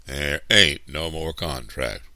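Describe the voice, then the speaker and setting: A man voicing a resolute farmer father who speaks slowly, firmly and coldly. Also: extremely low pitch, animated, gravelly, sharp tone, no room sound, heavily acted. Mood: grimly resolute. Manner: slow, firm, measured delivery. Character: resolute stern farmer father, calm and cold.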